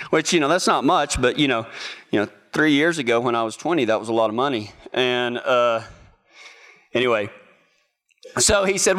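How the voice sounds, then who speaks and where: A man's voice: medium pitch, animated, a little fast, fairly bright tone. A young man telling a casual, self-amused story and acting out the other people in it. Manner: folksy, self-amused, acts out the voices in his anecdote.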